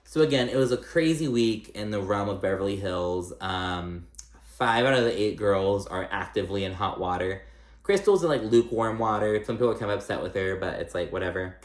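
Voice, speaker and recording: A man's voice: fairly low pitch, a little fast. A man giving a casual, gossipy recap of a reality show, chatty and salty, with lots of "like" and "um". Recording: echoey room.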